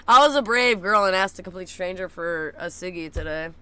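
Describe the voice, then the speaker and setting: A young woman chatting casually with viewers, blunt and swearing, laughing often, cooing softly at her dogs. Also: on the low side, fairly quick, clear, resonant tone. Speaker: streamer.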